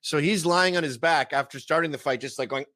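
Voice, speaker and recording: With a Canadian accent, a middle-aged podcast guest spins casual stories, animatedly voicing the characters in loud, exaggerated impressions. He speaks briskly at a fairly high pitch, with no room sound.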